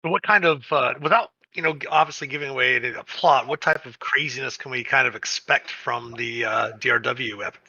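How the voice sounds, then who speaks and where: A man's voice: mid-range voice, brisk, few pauses, bright, forceful tone, breathy edge. A man hosting a casual interview chat, hesitant and full of filler words, laughing easily. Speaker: host. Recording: dull lo-fi stream audio.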